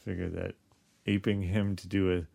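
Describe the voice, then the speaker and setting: A man's voice: deep voice, little pitch movement, fairly quick, vocal fry, a crowd in the background. A man co-hosting a podcast in casual, rambling chat, dry and self-mocking. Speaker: podcast co-host.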